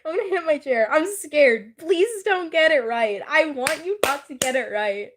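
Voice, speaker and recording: A woman's voice: high voice, expressive, moderate pace, few pauses. A woman in casual chat with a friend, giggling often, teasing and swearing casually.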